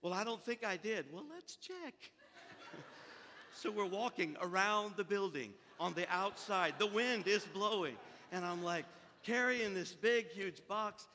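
A male pastor with a high, very bright, ringing voice. He tells a story and plays each person in it, then builds into forceful preaching. His voice carries a long reverb, as in a big church hall. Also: unhurried, slight background noise. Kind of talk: sermon. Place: church sanctuary.

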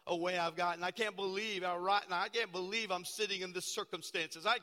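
A man's voice: high-pitched, fairly even intonation, fairly quick, bright, forceful tone, long reverb tail. A man voicing a ruined young man, stunned and repeating his disbelief. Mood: dismayed. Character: young man in despair, realizing his ruin.

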